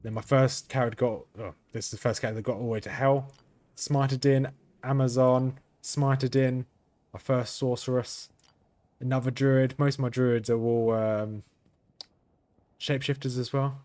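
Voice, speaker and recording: A man with a flat, monotone delivery giving casual gameplay commentary as the channel's host, rambling, correcting himself and chuckling now and then. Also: medium pitch. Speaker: gaming video host.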